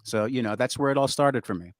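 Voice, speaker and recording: A man, a voice impressionist, being interviewed and explaining his craft in a relaxed way. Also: medium pitch, fast talker, no room sound. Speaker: guest voice impressionist. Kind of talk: interview chat.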